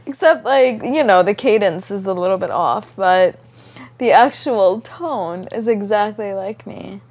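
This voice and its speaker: A woman talking casually and frankly as an interviewee, with expressive reactions. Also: medium pitch, measured pace. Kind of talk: casual talk.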